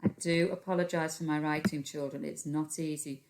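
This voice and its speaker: A woman's voice: sits low, fairly even intonation, brisk, a little mellow, slight background noise. A woman with a British accent, a primary school teacher giving a recorded phonics lesson to young children, patiently sounding out words into a computer microphone. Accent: British English.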